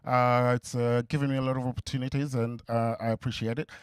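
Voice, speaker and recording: A young man doing a stand-up comedy set, halting and full of fillers, on a stage mic in front of a live audience. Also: mid-range voice, flat delivery, clean tone, no room sound, studio quality. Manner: halting, with many fillers and restarts. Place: comedy venue before a laughing crowd.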